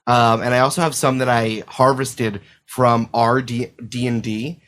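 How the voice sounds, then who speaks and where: A man hosts a podcast at a middling pitch, rambling his way through the setup. He cracks jokes and swears freely in loose, casual chat. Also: flat delivery, measured pace, fairly bright tone. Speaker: podcast host. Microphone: remote call microphone.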